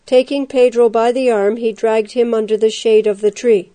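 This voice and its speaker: A woman narrating a story aloud in a steady, expressive storytelling manner. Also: fairly high pitch, normal speed. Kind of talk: storybook reading.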